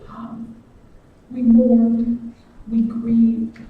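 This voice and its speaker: High-voiced woman preaching in an echoey hall. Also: completely flat delivery, narrow, tinny audio. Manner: earnest and personal, slow and deliberate. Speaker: guest speaker. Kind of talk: sermon. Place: church sanctuary. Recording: echoey hall from far off, faint noise.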